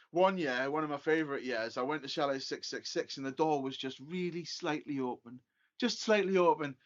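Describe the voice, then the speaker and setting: Casual male podcast co-host, slightly high, chatty storyteller, muffled lo-fi audio. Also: a bit bright. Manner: chatty, tells stories with laughing asides. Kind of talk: casual chat.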